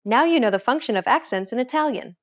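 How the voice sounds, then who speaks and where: A woman hosting a language lesson, reading a script in a clear, even, instructive way. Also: on the high side, quick pace, slight background noise.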